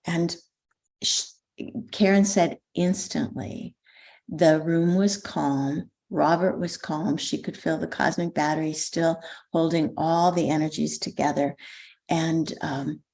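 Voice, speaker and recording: A woman's voice: low-pitched, slow pace, vocal fry. Older woman telling a story animatedly. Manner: animated storyteller, frequent ums and restarts. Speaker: spiritual teacher. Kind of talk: storytelling talk.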